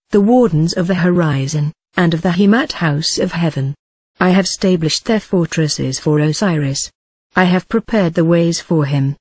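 A synthetic text-to-speech voice reading an ancient text aloud in an even recited cadence, even speaking the punctuation. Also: mid-range voice, breathy edge, no room sound. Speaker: audiobook reader. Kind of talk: scripted narration of an ancient text.

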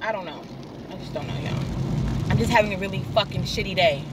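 Frustrated young mom vlogging outdoors. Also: female voice, medium pitch, fast, distant mic, heavy background noise. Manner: frustrated, venting and encouraging viewers directly. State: unwell, emotional. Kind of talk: casual vlog monologue. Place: outdoors by a car in the rain. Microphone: phone held while recording.

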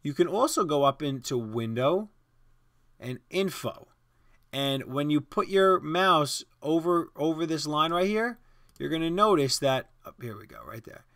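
A man's voice: a little high, lively intonation, a little slow, fairly bright tone, dry recording, clean studio sound. Casual man walking through design steps. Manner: casual, step-by-step instruction with fillers. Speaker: design tutorial host. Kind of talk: screen-recorded software tutorial.

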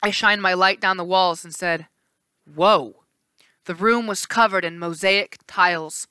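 A woman teacher reading a novel aloud in a steady storytelling voice with small slips. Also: lowish voice, moderate pace, clean tone, no room sound.

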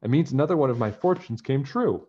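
Show-off kid fortune teller, excitable and bragging, high storybook voice from a male reader, dull lo-fi audio. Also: quick pace, slightly rough.

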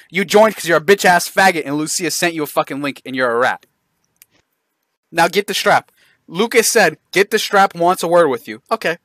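A man's voice: a little high, sharp tone, dry recording, clean studio sound. Brash, mocking young man on voice chat. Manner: aggressive, mocking, constantly interrupting. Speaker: Discord server host. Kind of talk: heated voice-chat trash talk.

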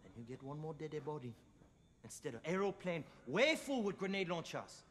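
A man's voice: a little high, very animated, normal speed, fairly bright tone, long reverb tail. An actor playing a shady male arms dealer who haggles and tags his lines with "huh?". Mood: haggling. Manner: haggling, tag questions like "huh?" and "eh?".

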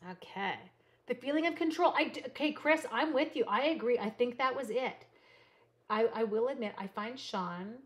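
Canadian lady in her 40s on a livestream, chatty, laughs a lot, says hi to viewers as she goes. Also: medium pitch. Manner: chatty, laughs often, greets viewers by name. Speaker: livestream host. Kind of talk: casual livestream chat.

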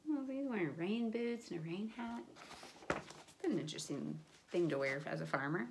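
A woman teacher reading a picture book aloud to children, animated, with character voices and sound effects. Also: fairly low pitch, normal speed, a little hiss or hum.

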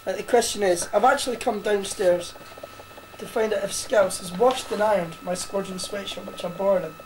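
A man's voice: sits high, normal speed, darkish tone, slight background noise, rough recording. A young man filming his barrack mates on a handheld camcorder, narrating in a crude, teasing, sweary way. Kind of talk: casual home-video banter. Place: army barracks block, indoors. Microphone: handheld camcorder mic.

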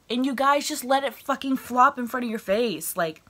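A woman's voice: fairly high pitch, lively intonation, normal speed, a bit bright. Blunt, swearing woman ranting on a vlog. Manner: blunt, swears freely, heated. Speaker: wrestling fan vlogger. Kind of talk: casual vlog rant.

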